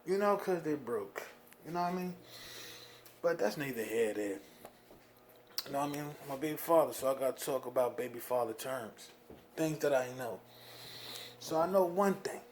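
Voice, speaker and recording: A young man from New Jersey venting about being a father in a casual monologue, animated, with lots of "you know what I mean". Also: normal speed, pauses often, slight background noise. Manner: animated, swings loud and high when worked up, frequent "you know what I mean". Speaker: vlogger talking about fatherhood.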